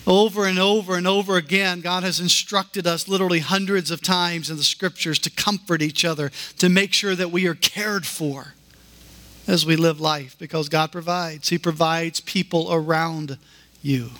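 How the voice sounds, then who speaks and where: A man preaching a sermon as pastor, with slow, emphatic repeated declarations that climb in pitch. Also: steady tone, sharp tone.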